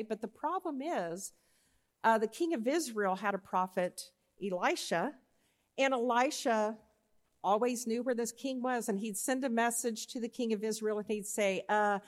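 A woman giving a chapel talk, telling a Bible story with animated voices and often checking in with her listeners. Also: fairly high pitch. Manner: animated, acts out characters in the story. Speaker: chapel speaker.

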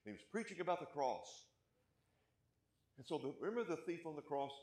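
A man preaching a sermon as pastor, asking his congregation questions and punching key points, then dropping to a hush. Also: on the high side, sing-song, fairly quick, roomy sound. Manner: emphatic, rising loud on key points, then dropping quiet; asks the congregation rhetorical questions.

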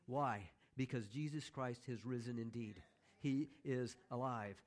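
A middle-aged man preaching a sermon, emphatic, repeating key phrases and slowing down to stress them. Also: mid-range voice, darkish tone. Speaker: pastor.

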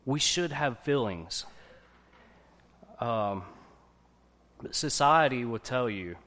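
A man's voice: medium pitch, animated, slow pace, a bit bright. Man, casual preacher, chatty sermon delivery, mid-range voice. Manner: conversational, often checks in with "okay?".

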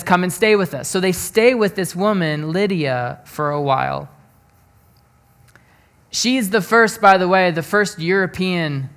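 A man preaching in a relaxed, conversational sermon style, plainspoken, often restarting words and asking his listeners direct questions. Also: on the high side. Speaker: pastor. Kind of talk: conversational Bible teaching.

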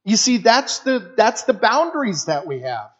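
A man's voice: sits high, very animated, normal speed, dull audio. A middle-aged man preaching a sermon in a conversational, storytelling way, repeating phrases for emphasis. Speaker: guest preacher for a youth ministry.

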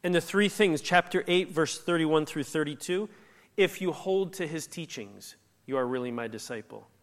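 A man with a fairly high voice preaches a sermon, talking in a conversational, emphatic way and acting out the lines he quotes. A long hall reverb trails after his words. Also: moderate pace. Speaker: pastor.

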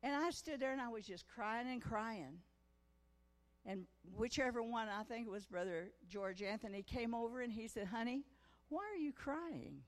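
In an echoing church conference hall, a woman from Missouri preaches her testimony as a guest speaker at a women's conference. She speaks at a normal speed, pitched on the high side, as her folksy storytelling rises into fervent preaching.

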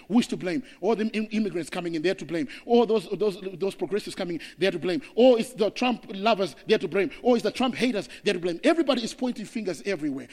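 A man from Zimbabwe, a pastor preaching an impassioned sermon that swings between loud declarations and hushed passages. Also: sits high, long reverb tail.

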